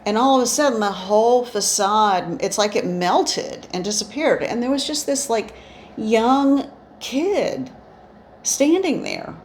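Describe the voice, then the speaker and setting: Speaking indoors with her eyes often closed, a spiritual medium recounts her experiences as instructional storytelling, rambling and reflective with many restarts. Her voice is a little high, animated and unhurried, with a faint hiss or hum in the background.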